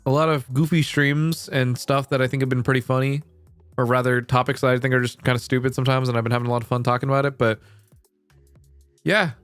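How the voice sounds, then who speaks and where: A man's voice: medium pitch, little pitch movement, fast talker, fairly bright tone, clean tone, no echo, faint music behind. A young man chatting casually on a late-night stream, rambling, restarting sentences and swearing casually.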